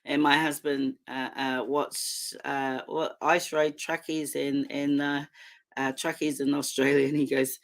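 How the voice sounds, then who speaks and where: A middle-aged New Zealand woman hosting her own livestream, her voice sitting fairly low and her delivery unhurried. She rambles with passion, circling back through fillers and restarts as she speaks into a computer mic. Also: a bit bright. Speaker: livestream host. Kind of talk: casual livestream commentary.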